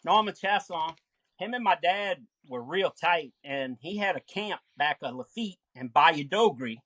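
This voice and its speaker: A man, a podcast guest reminiscing about his childhood in a relaxed way. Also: on the high side, unhurried, dry recording. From Westbank of New Orleans. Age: 60s. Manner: relaxed reminiscing, many fillers. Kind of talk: casual interview chat.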